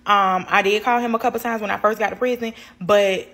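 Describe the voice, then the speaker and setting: A young woman tells a personal story in a casual, animated way, talking straight to her viewers. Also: medium pitch, fairly quick. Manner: animated, conversational, speaks to viewers as "y'all".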